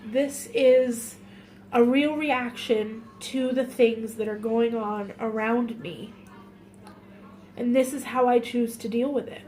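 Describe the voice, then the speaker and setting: A woman vlogger speaking in an emotional, halting way, tearful and often repeating herself in a confessional vlog. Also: on the high side, steady tone, darkish tone, a little hiss or hum.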